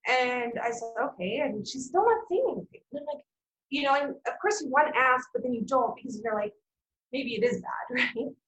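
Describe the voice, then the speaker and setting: A young adult woman with a high voice tells a personal story as a podcast guest. She talks candidly and emotionally, with frequent fillers and the odd swear word. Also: a bit bright, echoey room, poor audio.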